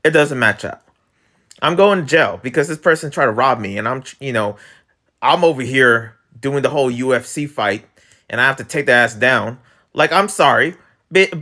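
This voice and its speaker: Animated man ranting as a vlog host. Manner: animated, swings between heated ranting and low mutters. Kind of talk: casual ranting monologue.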